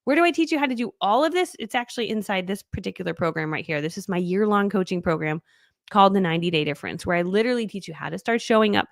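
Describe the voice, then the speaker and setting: Chatty middle-aged woman coaching online, talks quick, gravelly fry, dry close sound. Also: medium pitch, no room sound. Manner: chatty, animated, acts out little dialogues. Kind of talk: live training.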